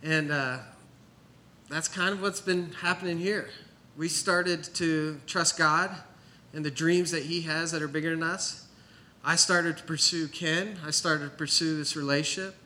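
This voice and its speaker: Male preacher, storytelling testimony, tense bright tone, slightly high. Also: fairly even intonation, measured pace. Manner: storytelling, conversational, quotes others. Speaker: church planter pastor. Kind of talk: sermon testimony.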